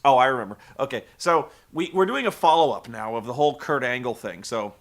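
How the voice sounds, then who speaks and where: A man's voice: medium pitch, lively intonation, brisk. A man giving a casual recap of a wrestling show, rambling and swearing freely with many restarts. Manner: profane, rambling, with frequent restarts.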